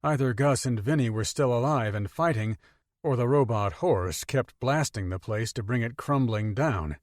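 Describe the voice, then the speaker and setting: A man narrating an audiobook in steady, expressive storytelling. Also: medium pitch, moderate pace, no echo, clean studio sound. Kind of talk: scripted narration.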